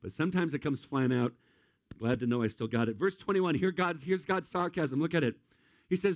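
Lively man preaching with jokes. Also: a little high, brisk, no echo. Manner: animated, acts out voices and asks the crowd questions. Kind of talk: humorous sermon.

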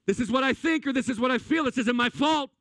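A whiny, pleading grown man squeals that none of it is his fault, as a preacher puts him on. The voice jumps far above the speaker's own and pushes a little louder, thin and complaining. Recorded close and dry, with no room sound. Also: extremely high pitch, fast talker, dry recording, pitched above the performer's own voice. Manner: whining, pleading.

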